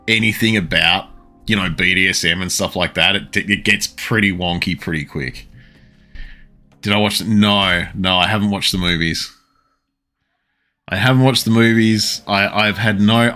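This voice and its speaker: A man's voice: lowish voice, pushed and bright. A man streaming a game, rambling and joking crudely in casual commentary.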